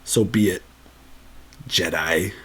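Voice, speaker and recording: Man putting on a taunting old emperor, smug, slow and low, unhurried. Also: bright, forceful tone, husky, exaggerated voice. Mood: cold.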